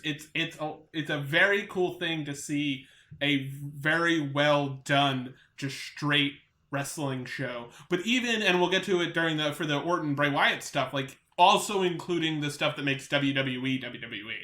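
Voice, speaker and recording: A man's voice: on the high side, measured pace, pushed and bright, echoey room. A man from Long Island with a light New York accent, co-hosting a podcast in casual chat, rambling and enthusiastic with many restarts. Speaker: podcast co-host.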